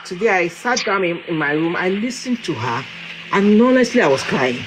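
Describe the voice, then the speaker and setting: Woman host, emotional and indignant, very lively pitch, noisy recording. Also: moderate pace. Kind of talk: casual chat. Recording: noisy background.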